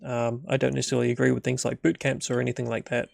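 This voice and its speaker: Guy, young adult, game master, rambling narration with fillers, creaky voice, dry room. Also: mid-range voice, monotone, quick pace, dry recording. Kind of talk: solo tabletop game narration.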